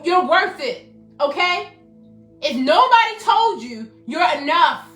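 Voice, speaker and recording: High, bright-voiced woman giving a motivational talk. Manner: emphatic and repetitive, addresses viewers by name. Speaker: host and self-help speaker. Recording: roomy echo, faint music behind.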